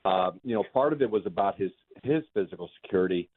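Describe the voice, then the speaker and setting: A man calling a radio show on speakerphone, friendly and earnest, speaking in halting phrases. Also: deep voice, lively intonation, husky. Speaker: radio caller. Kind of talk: casual phone chat. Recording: tinny speakerphone line.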